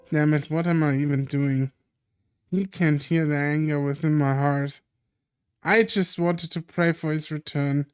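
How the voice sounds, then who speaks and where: Streamer doing a slow heartfelt visual novel read, smooth clear voice. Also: medium pitch, fairly even intonation, soft background music. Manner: earnest, emotional reading. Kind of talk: dramatic reading of a visual novel.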